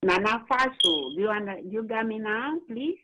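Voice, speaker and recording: A woman's voice: mid-range voice, moderate pace, bright, forceful tone. A woman calling into a radio show, speaking hesitantly and apologetically. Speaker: caller. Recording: muffled phone line.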